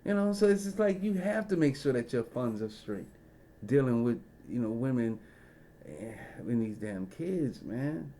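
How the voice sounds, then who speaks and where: A man's voice: mid-range voice, lively intonation, measured pace, warm tone, a little hiss or hum. A man in a casual storytelling rant, profane and rambling, full of fillers and side remarks. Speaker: vlogger.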